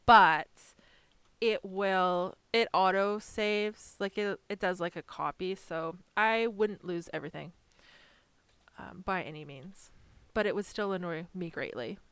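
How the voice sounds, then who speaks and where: A woman chatting casually on a live stream while designing stickers, self-deprecating and talking to her software as she works. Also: on the low side, a little slow, clear, resonant tone, no room sound.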